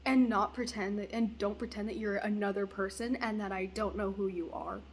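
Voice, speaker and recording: A woman's voice: medium pitch, steady tone, fairly quick, slight background noise. A young woman venting bluntly in a casual vlog, swearing freely as she rants. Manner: blunt, profane, ranting. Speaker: vlogger.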